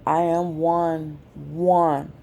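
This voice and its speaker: A woman vlogger, speaking slowly and with feeling in a personal message to her viewers. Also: low-pitched, flat delivery, vocal fry, warm tone. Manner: slow, deliberate, emotional.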